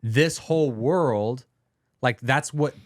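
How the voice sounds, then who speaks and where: A male co-host in casual podcast chat, with a mid-range voice and an easygoing, joking delivery. The sound is dry, with no room echo. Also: medium pitch. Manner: conversational, joking, with quick laughs.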